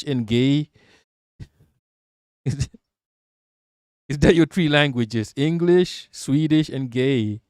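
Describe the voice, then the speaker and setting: A man's voice: on the high side, warm tone, dry recording, clean studio sound. A man streaming live, reading chat aloud and answering it in a casual, profane, joking way.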